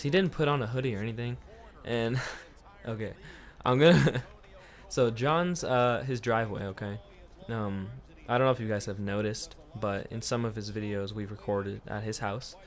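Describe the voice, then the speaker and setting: A man telling a childhood story for his vlog, laughing often and swearing freely. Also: mid-range voice. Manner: profane, laughing, rambling storytelling. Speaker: vlogger.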